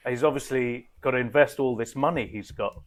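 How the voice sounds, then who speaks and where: A man's voice: mid-range voice, brisk. A man telling a story on a podcast panel in a wry, amused way. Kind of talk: casual panel chat.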